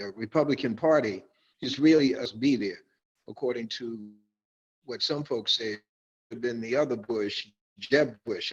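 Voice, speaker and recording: A male interview host who talks slowly and deliberately, pausing and hedging as he builds up his questions. The audio is muffled and lo-fi. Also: medium pitch. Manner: slow, deliberate, hesitant with fillers. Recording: dull lo-fi audio.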